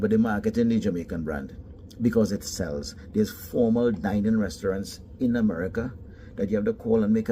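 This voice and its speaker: Caribbean-accented man, casual emphatic talker, low warm tone, light background noise. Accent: Caribbean English. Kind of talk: casual monologue.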